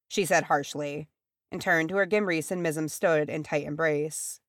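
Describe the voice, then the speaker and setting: Low-voiced woman narrating a story. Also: moderate pace, no room sound, clean studio sound. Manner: voices characters with pitch shifts. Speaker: audiobook reader. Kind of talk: fan fiction audiobook narration.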